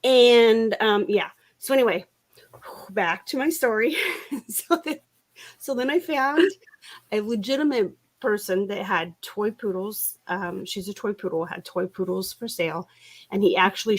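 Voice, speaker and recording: A middle-aged woman chats on a livestream, telling a long personal story. She laughs often and restarts her sentences as she goes. Her pitch sits in an ordinary middle range. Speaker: livestream host. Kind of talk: casual livestream chat.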